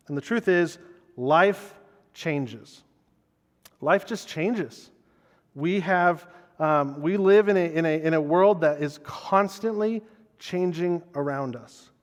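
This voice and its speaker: Guy pastor giving a chatty sermon, kinda high voice, earnest, stumbles and repeats words, big echoey church sound. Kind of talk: conversational sermon.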